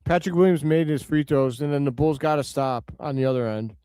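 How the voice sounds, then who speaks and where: A man hosting a live watch-along stream, giving casual play-by-play and answering viewers' comments, with excitable outbursts over big plays. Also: on the high side, brisk, smooth, dry recording.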